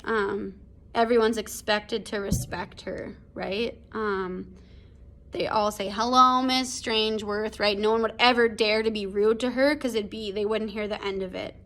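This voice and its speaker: A woman's voice: medium pitch, fairly even intonation, measured pace. A woman teacher recording a casual lesson video about a story, talking in a chatty way full of fillers, from home. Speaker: English teacher. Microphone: computer or phone video recording.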